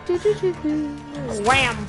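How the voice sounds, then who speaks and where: A woman with a slightly high voice speaks a little slowly over music while playing a video game. Her casual let's-play chat is playful and chatty, full of questions and sound effects.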